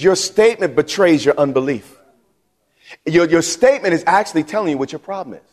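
A man's voice: fairly high pitch, expressive, brisk, a little mellow. A man preaching a sermon from the pulpit, emphatic, repeating himself and putting questions to the congregation. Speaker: pastor. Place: church sanctuary. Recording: long hall reverb.

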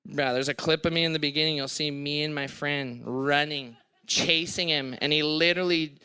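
Young Hawaiian guy, Hawaiian accent, clear bright tone, breathless laughing storyteller at a live show. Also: on the high side, fairly even intonation, normal speed. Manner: laughing, breathless retelling with voiced quotes. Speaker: podcast guest. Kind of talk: animated storytelling on stage. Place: live event on stage.

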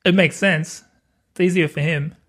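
A man's voice: a little high, steady tone, normal speed, a bit bright. Laid-back chuckling man host. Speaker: podcast host. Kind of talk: casual film chat.

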